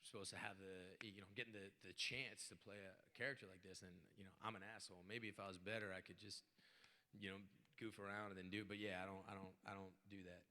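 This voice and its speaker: A man talks in loose, rambling bursts, stumbling over his words and cursing as he answers fans. His voice is bright and forward. A long hall reverb trails behind him. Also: deep voice, little pitch movement, fast. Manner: rambling, stammering, swears freely. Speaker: guest actor at convention panel. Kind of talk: casual Q&A answers. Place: large convention hall.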